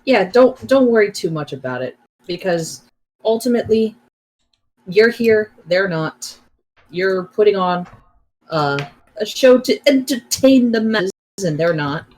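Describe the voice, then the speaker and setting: A woman's voice: mid-range voice, expressive, measured pace, darkish tone, low-quality recording. A woman co-hosting a casual livestream chat, laid-back and dry, offering easygoing reassurance.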